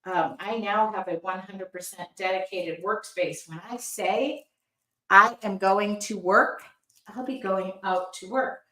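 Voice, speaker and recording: A woman's voice: medium pitch, unhurried, sharp tone, far from the mic. Chatty woman teaching art live. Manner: chatty, reads viewer comments aloud, laughs at herself. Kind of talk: casual live-stream art demo. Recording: roomy sound, voice somewhat off-mic.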